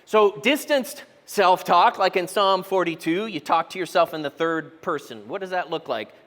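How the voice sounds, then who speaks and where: High-voiced pastor in a reverberant hall. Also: male voice, lively intonation, moderate pace, fairly bright tone. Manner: conversational, self-deprecating, asks the congregation questions. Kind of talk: sermon. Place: church auditorium.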